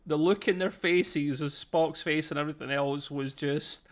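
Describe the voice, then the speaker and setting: Excitable man recapping an episode. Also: fairly high pitch, moderate pace. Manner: excitable, laughs often while recapping. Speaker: podcast host. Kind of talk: casual episode review chat.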